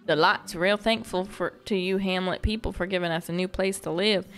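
A woman voicing a gruff, proud runaway villager from a cozy game in a rough put-on accent. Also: mid-range voice, normal speed, a bit bright, faint music behind, lightly acted.

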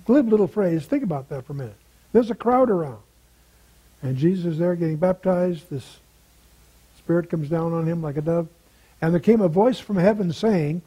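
A man's voice: high voice, moderate pace, dark tone, husky, low-quality recording. An older man teaching through a Bible passage verse by verse, conversational and asking his listeners rhetorical questions.

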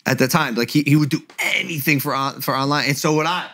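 A man's voice: a little high, steady tone, quick pace, sharp tone. A young man in casual podcast chat, spinning a long personal story. He swears freely and lands his points with emphasis. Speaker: podcast host.

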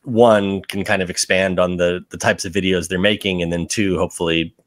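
Male guest, deep voice, easygoing and hesitant, dry recording. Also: fairly even intonation, brisk, no echo. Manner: easygoing, hesitant, full of fillers. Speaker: podcast guest, video editor. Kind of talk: casual chat.

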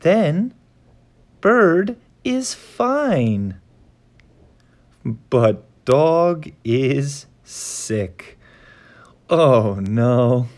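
A man reading a simple children's story aloud for English learners, in a clear and expressive way. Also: medium pitch, extremely slow, long pauses, slight background noise. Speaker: host of an English learning channel.

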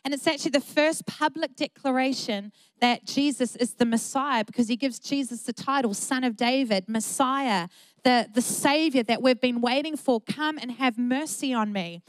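Aussie woman pastor preaching, high voice, dry close mic, earnest n emphatic. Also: normal speed, dry recording. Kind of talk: sermon.

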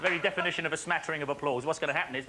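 A man presenting a phone-in quiz on a studio show, chatty and jokey with quick patter and frequent laughs. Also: fairly high pitch, a loud crowd. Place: TV studio with live audience. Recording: faint audience and studio noise.

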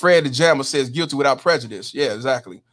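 This man talks fast in a mid-range, slightly bright voice while hosting a casual stream. Reading the chat aloud, names included, he emphatically agrees and repeats "hundred percent."

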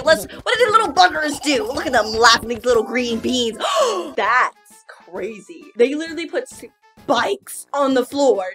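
A woman hosting a casual reaction video, animated and exclamatory, laughing often. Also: high voice.

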